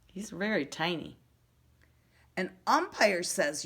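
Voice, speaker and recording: A woman preschool teacher speaks slowly with a lively, bouncing pitch and a bright, clear tone. She stretches out letter sounds for small children in a gentle sing-song. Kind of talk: virtual preschool lesson to young children.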